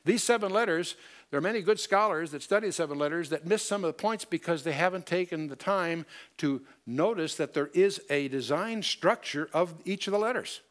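A man's voice: fairly high pitch, brisk, fairly bright tone. A man giving a Bible study lecture, explaining step by step and quoting scripture in old-style wording. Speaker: Bible teacher.

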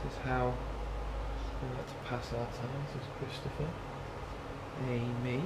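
A man's voice: mid-range voice, little pitch movement, measured pace, roomy sound, heavy background noise. A man from a band, chatting and joking casually as he films a backstage tour video in a dressing room. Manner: chatty, jokey, presenting to camera.

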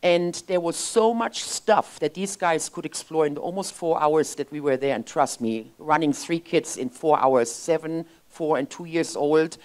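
A woman in her fifties giving an emotional, expressive inspirational sermon as a spiritual speaker in a church. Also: low voice, normal speed, few pauses. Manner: expressive, emotional, lively storytelling. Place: church sanctuary.

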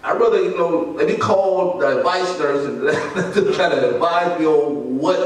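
Storytelling pastor in an echoey church. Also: male voice, on the high side, normal speed, recorded from a distance. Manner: storytelling, laughing, acting out dialogue. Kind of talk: sermon testimony. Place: church sanctuary. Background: congregation responses.

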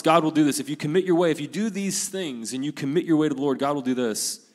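A man preaching a sermon with earnest emphasis, repeating key phrases and letting his voice fall softly at the ends of lines. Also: fairly high pitch. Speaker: pastor. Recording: reverberant hall.

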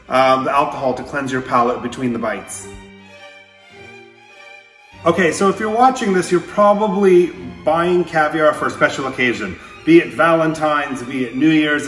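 A man with a fairly high voice hosts a casual cooking demonstration. He chats along in a relaxed way, sprinkling in filler words as he goes. The sound bounces around an echoey room, with soft music underneath. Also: moderate pace. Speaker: cooking channel host.

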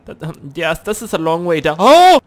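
A young man casually commentating a video game, goofy and joking, swearing freely. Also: on the high side. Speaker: gaming channel host. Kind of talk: casual let's play commentary.

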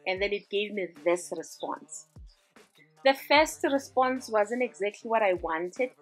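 A woman's voice: medium pitch, animated, a little slow, faint music behind. A woman hosting a design tutorial, narrating a screen-recording voice-over in an upbeat, chatty way as she walks through each step.

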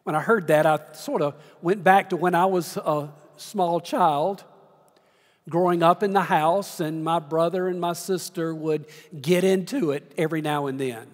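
A middle-aged man preaching a sermon as pastor, telling stories slowly with dramatic pauses. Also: sits high. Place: large church sanctuary. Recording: long church reverb.

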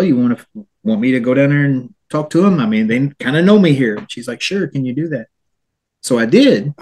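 A man's voice: mid-range voice, darkish tone. A man, a paranormal investigator, telling a ghost-tour story in casual chat and acting out the people he quotes.

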